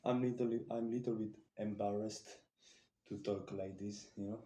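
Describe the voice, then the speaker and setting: A man vlogging to camera during his workout in a gym, speaking halting non-native English full of restarts. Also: on the low side, fairly even intonation, mellow, echoey room, slight background noise. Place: gym, indoors.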